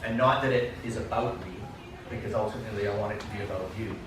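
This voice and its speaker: A man's voice: lowish voice, quick pace, background noise. Distant man lecturing in an echoey room. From Canada. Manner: storytelling, acts out dialogue, addresses audience directly. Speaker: keynote speaker, soccer coach. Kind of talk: conference talk with anecdotes. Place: conference classroom.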